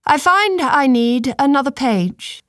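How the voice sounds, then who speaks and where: A woman's voice: high-pitched, animated, slow, fairly bright tone, dry recording, clean studio sound, voice pushed up, full character voice. Woman voicing a cold, commanding queen. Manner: cold, imperious.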